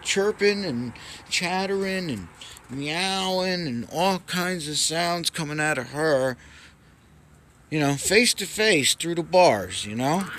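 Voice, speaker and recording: A man casually rambling in a home vlog, cooing softly at his cats. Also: fairly high pitch, lively intonation, slow, a little hiss or hum. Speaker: vlogger. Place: home indoors.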